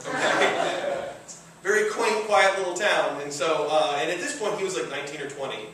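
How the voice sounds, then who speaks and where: A man's voice: a little high, normal speed, a bit bright, slight background noise. A man from Michigan telling a funny true story on stage in a casual way, full of fillers and with a chuckle in his voice. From Michigan, USA. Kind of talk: live comedic storytelling. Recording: very echoey room, distant mic.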